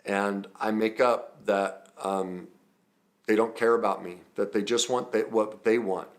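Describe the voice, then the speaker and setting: A man's voice: on the low side, steady tone, measured pace. A man, a trauma recovery coach, teaching through personal stories in an earnest, conversational way with frequent ums and self-corrections.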